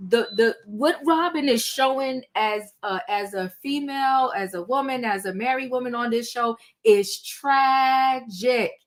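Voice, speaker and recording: A woman's voice: a little high, unhurried, few pauses. A woman hosting a live reality TV recap, emphatic and opinionated, calling on her co-hosts. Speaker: livestream host.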